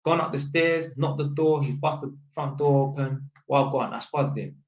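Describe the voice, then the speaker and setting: A man's voice: medium pitch, moderate pace, reverberant, muffled recording. Young London man telling a street-slang story. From England. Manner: London street slang, frequent "innit" tags, acts out quoted voices. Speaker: vlogger. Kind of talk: casual storytelling monologue.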